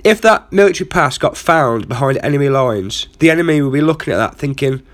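A man's voice: mid-range voice, lively intonation, fairly quick. A man hosting a comedy podcast, telling a rambling, self-mocking story full of asides. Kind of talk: comic storytelling monologue.

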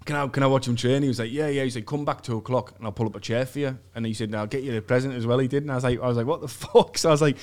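Speaking very fast with few pauses, this English podcast guest has a mid-range, darkish voice and fairly even intonation. In the podcast studio he tells crude, sweary stories during casual chat, acting out other people's lines.

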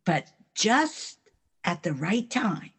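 Older woman, New Jersey accent, lowish voice, earnest faith-interview guest. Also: very animated, slow pace, a bit bright, breathy edge. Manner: earnest, storytelling, laughs while speaking. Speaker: guest author.

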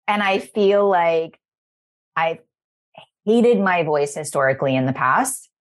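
A woman in her thirties with a low voice talks as a podcast host. Her chat is effusive and rambling and often emotional. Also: animated, slow. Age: 30s. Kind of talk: casual spiritual chat.

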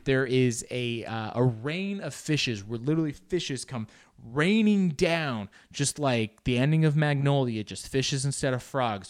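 A man's voice: medium pitch, animated, measured pace. A young man hosting a show alone, rambling in casual, profane, self-mocking chat. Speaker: podcast host.

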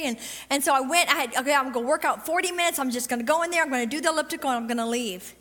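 A middle-aged woman preaching a sermon and telling a personal testimony in an animated way, with quick bursts and drawn-out emphasis. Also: high voice, in a large hall.

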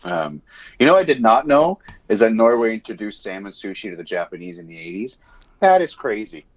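Low-voiced man, dull lo-fi podcast audio. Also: very animated, fairly quick. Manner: laughs often, upbeat, swears casually. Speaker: podcast co-host. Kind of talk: casual podcast chat. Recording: dull lo-fi sound.

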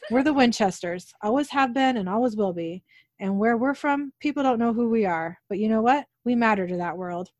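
A woman's voice: a little high, animated, a little fast, no echo, clean studio sound, natural voice. A woman voicing a brash, defiant young male monster hunter in a read-aloud recap, reading the lines plainly.

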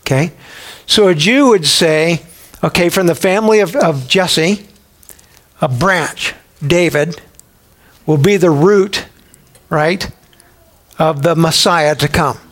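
A male pastor delivering a sermon with a slightly raised pitch. He presses his points with repeated rhetorical questions and an emphatic, urging delivery. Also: slow pace, long pauses, fairly bright tone.

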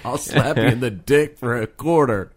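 A man's voice: mid-range voice, moderate pace, faint music behind. A man co-hosting a podcast, tossing in dry, teasing one-liners. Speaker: podcast co-host. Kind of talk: crude comedic podcast banter.

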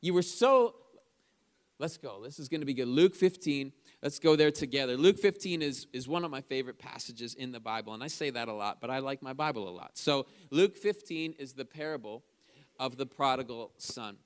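A man preaching a sermon in a church service, energetic and chatty, calling out to the congregation between stories. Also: mid-range voice, moderate pace. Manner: chatty storytelling asides. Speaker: pastor.

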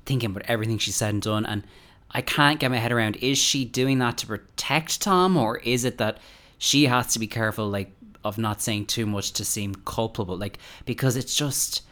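A woman hosting a casual podcast chat, animated and fond of mocking impressions. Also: a bass voice, normal speed. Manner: animated, quotes people in mocking voices.

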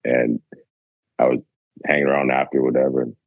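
A man's voice: very deep voice, level tone, a little fast, creaky, dry recording. A Canadian man in his forties, a guest telling stories about his basketball days in a laid-back, rambling way. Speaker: guest, former basketball player. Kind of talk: casual storytelling. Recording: dry, phone-like narrow sound.

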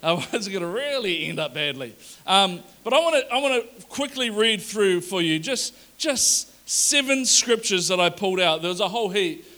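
High-voiced, bright energetic preacher man. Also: normal speed, hardly any pauses. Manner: energetic, animated preaching to a congregation; reads scripture with rising emphasis. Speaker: pastor. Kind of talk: sermon.

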